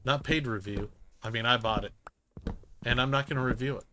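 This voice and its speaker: A man's voice: mid-range voice, fairly quick, background noise. A man giving rambling, jokey gameplay commentary, muttering self-deprecating asides to himself as he plays. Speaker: gaming YouTuber. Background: music.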